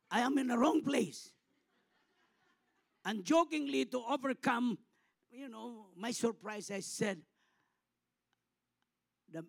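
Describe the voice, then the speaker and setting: A middle-aged Filipino man preaching a sermon as a pastor, swelling to loud, impassioned passages and dropping to soft, tender ones. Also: extremely high pitch, creaky, dry recording. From Philippines.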